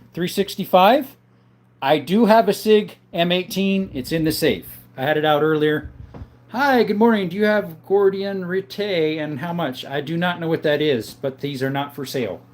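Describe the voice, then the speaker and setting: Guy w a kinda high voice doing a chill livestream, reading chat n calling folks brother. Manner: relaxed, reads chat names aloud and chats back; calls viewers brother. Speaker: livestream host answering viewer chat. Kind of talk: casual live chat. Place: home, in front of a counter.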